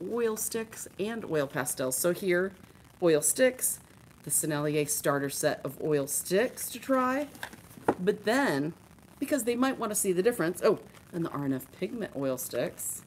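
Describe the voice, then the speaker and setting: A woman's voice: fairly low pitch, slight background noise. A woman hosting a live art supply show, chatting and showing off products with enthusiasm while joking with her co-hosts. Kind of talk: casual live-stream product showcase.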